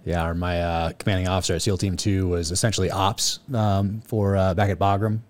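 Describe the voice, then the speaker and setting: American podcast host, deep voice, dry close sound, short yeahs and questions. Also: male voice, little pitch movement, a little fast, dry recording. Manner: short affirming responses, probing questions. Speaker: podcast host, veteran and author. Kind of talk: casual interview.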